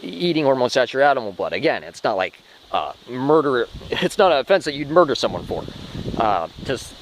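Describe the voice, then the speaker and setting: Rambling man with a lively voice. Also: medium pitch, fairly quick, slight background noise, rough recording. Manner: rambling, restarts often, swears casually. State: short of breath. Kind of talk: rambling spoken monologue.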